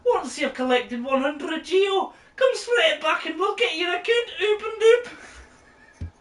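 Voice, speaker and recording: A woman's voice: expressive, takes it slowly, exaggerated voice. Woman doing a chirpy Yorkshire bug banker. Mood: cheery. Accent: put-on Yorkshire. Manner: sing-song sales pitch, chuckling. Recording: echoey room, far mic, game music.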